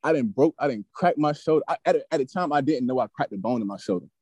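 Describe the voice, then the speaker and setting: A man's voice: medium pitch, fast, husky, no room sound. Young man telling a heated story. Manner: animated, profane, streetwise storytelling. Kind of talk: casual storytelling.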